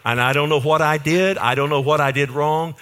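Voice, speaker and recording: A man's voice: on the high side, fairly even intonation, brisk, a bit bright, smooth. An older man preaching a sermon, telling a folksy story and asking the congregation for an amen. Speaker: pastor.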